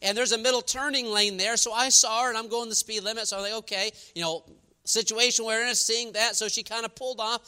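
Bright, clear-voiced man preaching. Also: high voice, steady tone, quick pace. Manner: conversational storytelling with frequent fillers; earnest, rising to emphatic preaching. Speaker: pastor. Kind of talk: sermon.

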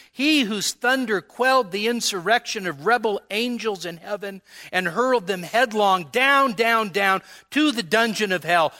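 High, bright-voiced preacher reading dramatically. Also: male voice. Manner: dramatic, solemn reading of old-fashioned sermon prose. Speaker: pastor. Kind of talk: sermon. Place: church service.

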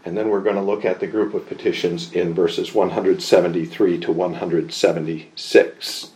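A man teaching a Bible lesson in a measured, deliberate way, pausing often with small fillers and leaning into the verses he quotes. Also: low voice, fairly even intonation, a little mellow. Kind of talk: slow expository Bible lesson.

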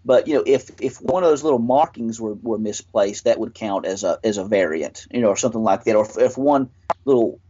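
Husky man explaining earnestly. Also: fairly low pitch, a little fast, dark tone. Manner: earnest, explanatory, with frequent restarts and filler. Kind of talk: casual explanatory discussion. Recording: dull lo-fi audio.

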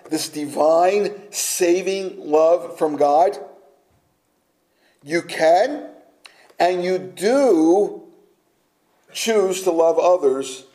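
A man preaching a sermon slowly and emphatically, sometimes dropping to a near-whisper for effect. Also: on the high side, mellow, rough recording.

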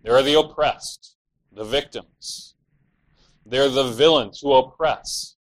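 A man's voice: mid-range voice, slow pace, poor audio. Man preaching an expository sermon. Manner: earnest expository preaching, rising to mock the villains' laments.

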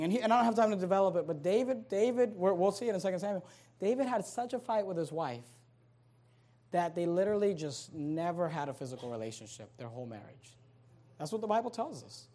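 Male pastor mid-sermon: folksy and conversational, punches key lines loudly and drops low for asides. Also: quick pace. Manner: animated, swings between loud emphasis and quiet asides; reads scripture aloud in King James wording.

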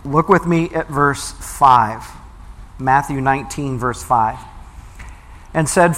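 A man preaching a sermon, reading scripture aloud and then explaining it with lively emphasis. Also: medium pitch, slow pace.

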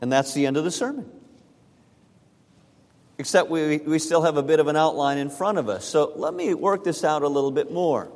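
A man's voice: fairly high pitch, normal speed, a little mellow. A man preaching a sermon to his congregation, emphatic and repeating key phrases for stress. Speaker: pastor. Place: church sanctuary. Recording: church hall reverb.

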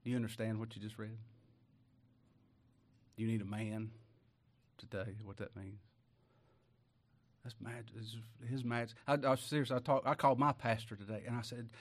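Preacher guy, folksy, reads scripture big and slow then goes quiet and low, mid-pitched voice. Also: animated. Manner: swings from loud, slow scripture reading to quiet, low asides; folksy, emphatic, asks rhetorical questions. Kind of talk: sermon with scripture reading.

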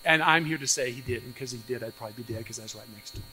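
A male pastor delivers an expository sermon at very fast speed, animatedly acting out the voices of doubters with sudden leaps in pitch and loudness. The audio quality is poor.

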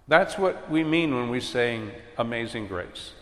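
A man preaching a sermon with emphatic swings between loud and soft. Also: fairly high pitch, moderate pace, few pauses. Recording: long hall reverb.

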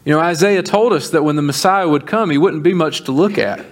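A pastor preaching a sermon, earnest, slowing down to stress key points and acting out the dialogue of scripture. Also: male voice, a little high. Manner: earnest preaching, slows for emphasis, acts out dialogue.

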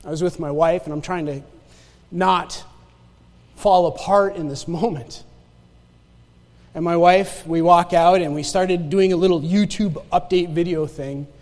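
A high-pitched male preacher delivers a sermon, telling a story from his own life. He drives home his points by repeating lines and calling out to the congregation. His voice rings with the long reverb of a church hall. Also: fairly even intonation, a little slow, long pauses, darkish tone. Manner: emphatic, repeats key phrases, asks the congregation "Amen?". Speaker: pastor. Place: church sanctuary.

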